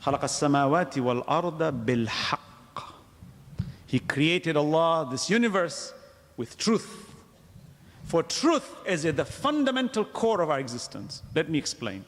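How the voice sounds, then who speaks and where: A man giving a religious lecture to a congregation, asking rhetorical questions and pausing for emphasis. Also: fairly high pitch, long reverb tail. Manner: animated, wide-ranging delivery. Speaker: Islamic lecturer.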